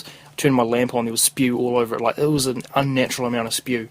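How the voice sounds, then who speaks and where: A man's voice: medium pitch, level tone, quick pace, poor audio. Rambling New Zealand man telling stories. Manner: rambling and crude, loose with slang. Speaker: podcast host. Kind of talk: casual storytelling.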